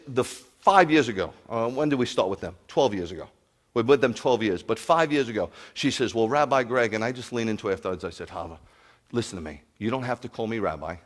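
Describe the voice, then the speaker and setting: A man preaching to his congregation, animated, telling stories and asking the crowd questions. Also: medium pitch, brisk. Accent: New York. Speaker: pastor. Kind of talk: sermon to a congregation.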